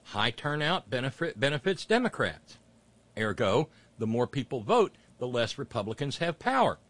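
Sarcastic man with lively pitch. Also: normal speed. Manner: mocking, mumbling asides, rising rants. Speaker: political commentary host. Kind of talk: sarcastic commentary on clips.

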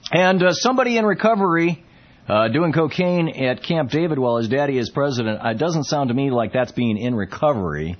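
A man hosts a call-in political radio show at a middle pitch, talking in a loose, stumbling way with frequent fillers and restarts. The audio is a little dull, like an older radio broadcast. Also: lively intonation, fairly quick. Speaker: talk radio host.

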